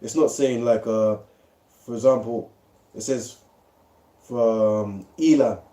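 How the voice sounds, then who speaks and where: A man's voice: medium pitch, steady tone, takes it slowly, mellow. A man in a casual religious discussion, reading scripture aloud and adding slangy comments. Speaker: scripture reader in a group discussion. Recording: echoey room.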